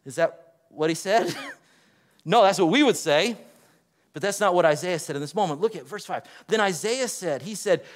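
A male preacher with a high voice delivers a sermon. He is animated and playful and keeps calling out to the congregation. His energy rises and falls as he teaches. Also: moderate pace. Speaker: pastor.

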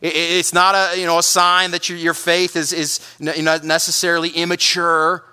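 A man's voice: on the high side, little pitch movement, normal speed, bright, forceful tone, clean tone. A man preaching a sermon as pastor, earnest, often repeating words and restarting.

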